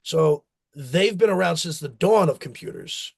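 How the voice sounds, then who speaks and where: A man's voice: a little high, animated, measured pace, creaky, a little mellow, breathy edge. Rambling man telling family anecdotes. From United States. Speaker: company founder, guest. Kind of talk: casual storytelling interview.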